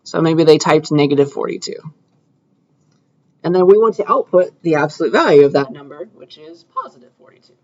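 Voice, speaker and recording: A man's voice: a little high, lively intonation, a little fast, darkish tone. Guy teaching an intro coding class, chatty, keeps asking "right?", kinda muffled lo-fi sound. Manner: casual, checks in with students often. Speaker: computer science lecturer. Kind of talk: classroom lecture with live coding. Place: lecture room.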